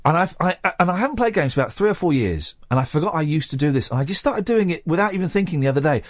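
A middle-aged man hosting a radio show, chatting casually and telling stories in an animated way from a studio microphone. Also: fairly high pitch, rapid-fire, dry recording. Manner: chatty, animated storytelling, laughs easily. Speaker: radio host.

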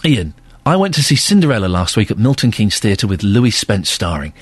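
A man's voice: on the low side, normal speed, husky, no echo. A man hosting a radio phone-in from the studio, chatting jokily and reading listener emails aloud. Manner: jokey, animated, reads listener emails aloud. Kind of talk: casual radio chat. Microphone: studio microphone.

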